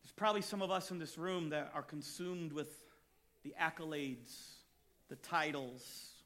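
A man preaching a sermon as pastor, reading scripture and telling stories, rising to shouts at times. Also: on the high side, a little slow.

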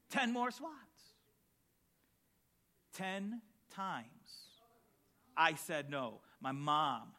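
A pastor preaching with a fiery, emphatic delivery. His voice is high and sharply bright, swinging widely in pitch as he builds to shouts on key lines. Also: sing-song, unhurried. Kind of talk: sermon.

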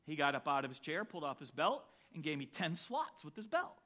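A pastor preaching with a fiery, emphatic delivery. His voice is high and sharply bright, swinging widely in pitch as he builds to shouts on key lines. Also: very animated, a little fast. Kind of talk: sermon.

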